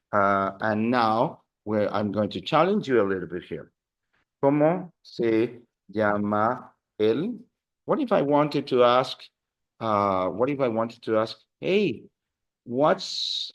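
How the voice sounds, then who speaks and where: Slow-talking man teaching a class. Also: medium pitch, lively intonation. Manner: halting, many fillers and restarts, drills with counts. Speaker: Spanish teacher. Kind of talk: classroom language lesson.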